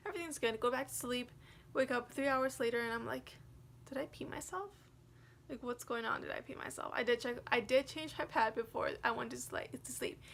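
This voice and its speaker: A woman's voice: on the high side, slight background noise. A young woman vlogger telling a personal story in a casual, chatty way, full of "like" and quoted dialogue. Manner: chatty, animated retelling with many "like"s.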